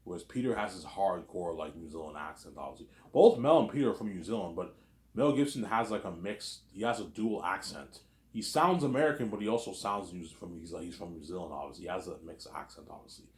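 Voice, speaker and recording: A man's voice: low voice, expressive, fast talker. A man hosting a casual, rambling commentary, repeating the same filler phrases again and again. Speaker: host. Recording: roomy echo.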